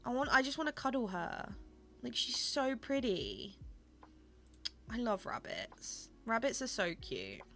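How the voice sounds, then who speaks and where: Bright-voiced woman streaming a game. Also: a little high, big pitch swings, unhurried, faint music behind. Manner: gushing and chatty, talking to her chat. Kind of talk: casual chat while playing a game.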